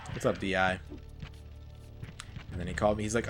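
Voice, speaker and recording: Man, young adult, lowish voice, rambling sarcastic stream chat, game music behind. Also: little pitch movement, fast talker, long pauses. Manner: chatty, sarcastic, rambling asides.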